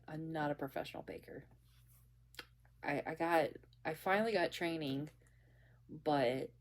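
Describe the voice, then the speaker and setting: Casting note: young woman with a low voice, casual storyteller, halting and rambly. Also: a little mellow. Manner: rambling, halting, many restarts and fillers. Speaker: bakery worker telling a story.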